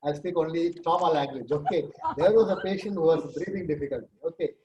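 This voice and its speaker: A man, a senior nurse leader on a talk show, explaining with lively case stories and acted-out quotes. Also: a little high, quick pace, echoey room, muffled recording, a little hiss or hum. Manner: animated storyteller, acts out quoted dialogue. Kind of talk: conversational talk-show answers with examples.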